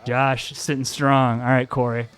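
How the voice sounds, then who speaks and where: A man running a quiz game on a podcast, with a voice at a middling pitch. He keeps the game moving with crude jokes and a loose, game-show manner. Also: little pitch movement, measured pace, fairly bright tone, clean tone, soft background music. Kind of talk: casual chat.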